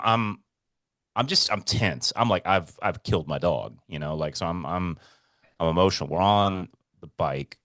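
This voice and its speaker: Male podcast host, low voice, dry close mic, excitable storyteller who swears and repeats himself. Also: dry recording. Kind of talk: casual storytelling chat.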